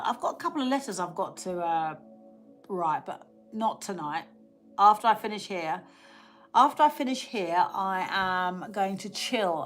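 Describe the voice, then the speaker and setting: A woman's voice: medium pitch, fairly bright tone. A woman hosting a casual live stream, chatting with viewers, laughing often and reading out their comments. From England.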